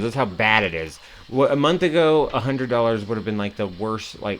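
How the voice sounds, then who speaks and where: A man's voice: mid-range voice, animated, fairly quick, few pauses. A man hosting his own news commentary show, reading headlines and reacting with sarcastic, profane, rambling asides.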